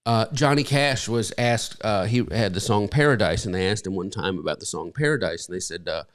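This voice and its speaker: This is a middle-aged man co-hosting a casual podcast from home. His voice sits low, and he talks in a loose, emotional ramble with plenty of ums and uhs. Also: fairly quick. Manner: rambling, emotional, many fillers. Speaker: pastor and podcast co-host. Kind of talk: casual live-stream chat. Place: home bedroom.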